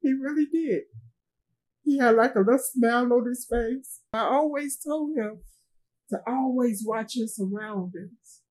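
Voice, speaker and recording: A middle-aged woman, a grieving mother, speaking in an interview in a halting way, often repeating herself and trailing off. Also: on the high side, darkish tone, low-quality recording. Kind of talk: emotional interview testimony.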